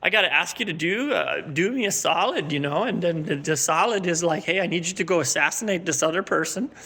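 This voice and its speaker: A man's voice: fairly high pitch, expressive, brisk, sharp tone, breathy edge. A middle-aged man, telling a rambling comic story full of fillers. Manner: rambling, filler-heavy, laid-back storytelling. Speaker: comedic character host. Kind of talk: rambling comedic monologue.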